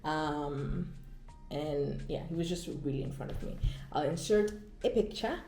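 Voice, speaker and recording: A woman's voice: deep voice, a little slow, warm tone, reverberant, soft background music. A woman vlogger chatting casually outdoors, telling a concert story with many fillers and acted-out quotes, recorded on a phone. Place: outdoors, walking in the Netherlands.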